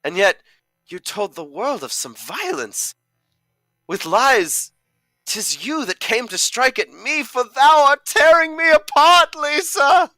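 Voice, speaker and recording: A man reading a jilted young lover's lines in hammy Shakespearean verse, melodramatic and rising to anguished shouts. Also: a little high, wildly swooping pitch, a little slow, no echo, pitched above the performer's own voice, full character voice.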